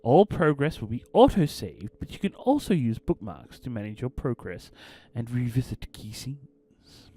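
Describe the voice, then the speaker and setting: A man's voice: medium pitch, big pitch swings, moderate pace, few pauses, mellow, slightly rough. A man hosting a let's play, commenting casually and reading game text aloud in a theatrical storytelling way. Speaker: gaming channel host.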